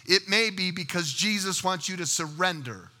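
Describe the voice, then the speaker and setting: Male preacher, sermon storytelling, slightly high voice, acts out the voices, loud to hushed. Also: lively intonation, moderate pace, big-room sound. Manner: storytelling, acts out voices with big swings in loudness. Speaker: pastor.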